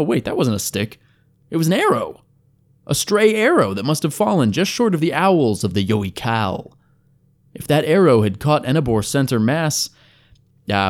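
A man's voice: medium pitch, darkish tone. A man reading a fantasy story aloud as narrator, in a wry storytelling manner. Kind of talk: scripted narration.

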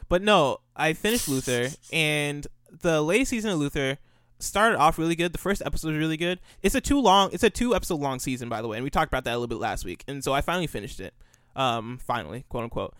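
A man's voice: on the high side, expressive, fast, few pauses, a bit bright, smooth, no room sound, clean studio sound. A young man co-hosting a casual gaming podcast, rambling and restarting his sentences as he recaps what he's been up to. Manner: rambling, restarts often, laughs easily. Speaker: co-host.

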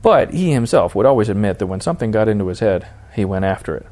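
A man reading a novel aloud as its narrator, in steady storytelling. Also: on the low side, fast talker. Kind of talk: audiobook narration.

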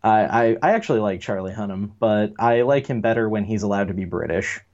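A man's voice: on the low side, brisk, darkish tone, highs cut off. A man from the United States co-hosting a podcast, chatting casually and rambling through strong opinions with some self-deprecation. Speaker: podcast co-host. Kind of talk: casual chat.

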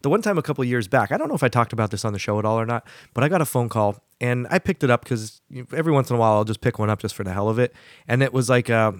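A man's voice: medium pitch, expressive, very fast, no echo, clean studio sound. A man hosting a casual podcast, telling rambling stories and laughing often. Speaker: podcast host.

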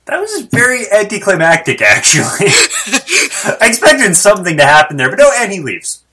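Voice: mid-range voice, wildly swooping pitch, moderate pace, pushed and bright. A player in a tabletop game, asking wry, sarcastic questions. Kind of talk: casual game-night banter.

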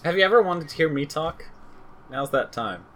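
A man with a bright, forward voice runs through game update notes on a casual podcast. He jokes and rambles, poking fun at himself and his co-host. A faint hum of background noise sits under the recording. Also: on the high side, expressive, moderate pace. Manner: joking, rambling, self-deprecating. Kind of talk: casual chat reading game patch notes.

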